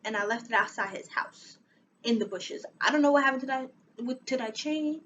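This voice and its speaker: A young woman with a high voice tells a personal story on her vlog. She is animated and dramatic, with sighs and laughs. A faint hum of noise sits behind her at home. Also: fairly quick, lo-fi sound. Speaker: vlogger.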